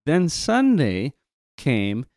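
A man's voice: mid-range voice, wildly swooping pitch, very slow, a little mellow, no echo. Guy co-hosting a bible story lesson, chatty, keeps restarting, dry sound. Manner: conversational, restarts, emphatic asides. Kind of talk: casual Bible storytelling for kids.

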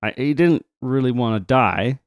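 A man's voice: mid-range voice, normal speed, clear, resonant tone, dry recording, clean studio sound. A man co-presenting a retelling of a Bible story, talking casually with emphatic asides and restarts.

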